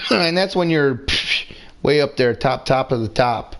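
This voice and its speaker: Several beers deep, this streamer drawls out slow, profane, meandering commentary on his video game in a medium-pitched voice that is expressive, creaky and fairly bright.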